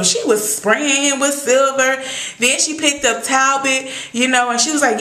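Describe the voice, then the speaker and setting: A woman's voice: fairly high pitch, normal speed, fairly bright tone. A young woman recapping a TV episode in casual, sassy, opinionated talk full of exclamations. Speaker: TV recap vlogger. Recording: echoey room.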